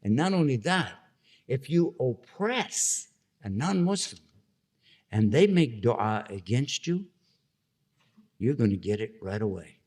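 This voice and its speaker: A man's voice: mid-range voice, sing-song, takes it slowly, pauses often, a little mellow, slightly rough. A man giving an Islamic lecture to an audience, talking conversationally, asking listeners questions and acting out little scenes in funny voices.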